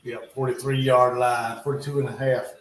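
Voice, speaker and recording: A man's voice: mid-range voice, level tone, normal speed, fairly bright tone. A man hosting a casual livestream, reacting to a football game live with chatty play-by-play and muttered asides, at home. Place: home in North Carolina. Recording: echoey room.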